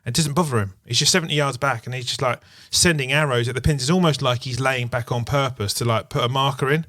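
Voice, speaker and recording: A man telling golf stories in casual chat, rambling and animated with lots of fillers. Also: mid-range voice, fast talker, dry recording, clean studio sound. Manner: rambling, animated storytelling full of "like" and "you know". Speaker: podcast co-host.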